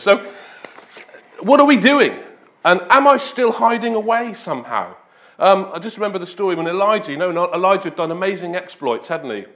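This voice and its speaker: A man's voice: sits high, fairly bright tone. A man preaching a conversational sermon after an opening prayer, informal and repeating himself often. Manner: informal, repeats "Lord" and "just", restarts.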